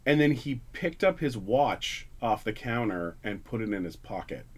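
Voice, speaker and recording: A man's voice: lowish voice, animated, normal speed. A man from Canada, a comedian guest, telling a rambling, profane story with lots of fillers and restarts in a radio studio. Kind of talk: casual storytelling on a talk radio show.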